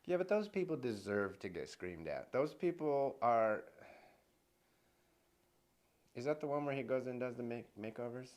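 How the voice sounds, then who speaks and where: A podcast co-host with a medium-pitched, darkish male voice talks briskly and expressively. He's enthusiastic and rambling in casual conversation, prone to wandering off on long tangents.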